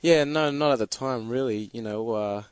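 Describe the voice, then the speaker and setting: A young Australian man answering interview questions in a relaxed way, with many "you know" fillers. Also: mid-range voice, normal speed, smooth, no room sound. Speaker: basketball player guest. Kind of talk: casual studio interview.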